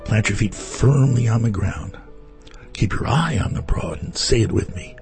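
A man's voice: fairly low pitch, animated, moderate pace, gravelly, darkish tone, soft background music. A man hosting a radio show, chatting casually and telling wry, rambling stories into a studio microphone. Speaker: radio host. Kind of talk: casual chat.

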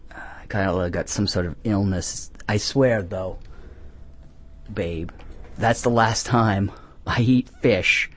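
A man hosting a call-in comedy radio show, drifting through deadpan, absurd tangents with self-mocking asides and frequent restarts. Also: on the low side, slow, long pauses. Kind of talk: rambling comic monologue.

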